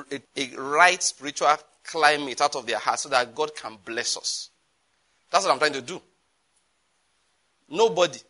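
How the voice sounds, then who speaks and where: A man, preaching a sermon as a pastor, emphatic and animated, with repetitions and sudden asides. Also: fairly high pitch.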